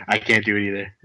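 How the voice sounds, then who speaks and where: A man's voice: on the low side, sharp tone, dry recording. A young man co-hosting a podcast in casual chat, laid-back, chiming in with short reactions and laughs. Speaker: podcast co-host. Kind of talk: casual chat recapping TV episodes.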